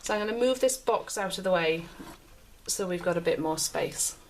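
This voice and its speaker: A British woman with a slightly low voice talks through a pen review in a relaxed, chatty way. She often repeats and restarts her phrases as she points out details. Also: normal speed, a little hiss or hum. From United Kingdom. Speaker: pen reviewer and show host. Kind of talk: casual product review.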